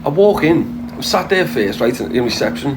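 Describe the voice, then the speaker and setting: A man's voice: mid-range voice, moderate pace. A man with a Liverpool accent telling a brash, boastful story, swearing freely and rambling with restarts. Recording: steady background noise.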